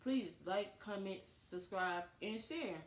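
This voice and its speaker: Animated woman in a roomy echo. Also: medium pitch, slow. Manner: animated storytelling, laughs often. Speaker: co-host of couple channel. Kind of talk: casual couple chat. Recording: echoey room with faint noise.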